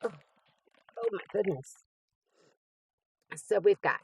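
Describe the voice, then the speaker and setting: A woman hosting a craft channel, chatting casually as she unboxes mail, gushing and laughing softly. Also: a little high, very animated, slow pace, pauses often, no room sound, rough recording.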